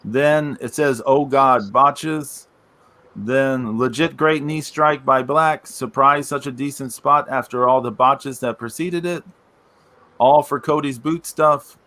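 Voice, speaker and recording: Guy on a podcast, bright voice, blunt and swears a lot reading notes. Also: medium pitch, takes it slowly, no echo. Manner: blunt, reads from his notes. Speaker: podcast co-host. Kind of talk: casual wrestling chat.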